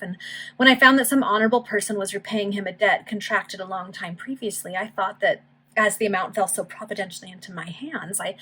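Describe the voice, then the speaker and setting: An evasive, arch Victorian lady of society, read by a woman. She speaks with airy, affected politeness in a faintly breathy, husky tone. The voice sits close to the reader's own. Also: medium pitch, a bit bright, rough recording.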